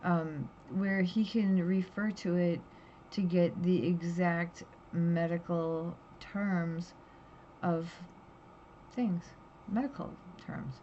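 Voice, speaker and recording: A woman's voice: lowish voice, steady tone, slow pace, mellow. Tired, rambling woman on lo-fi audio. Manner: raw, rambling, emotional storytelling. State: tired, drowsy. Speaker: vlogger. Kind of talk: candid personal vlog. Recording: dull lo-fi audio with faint background hiss.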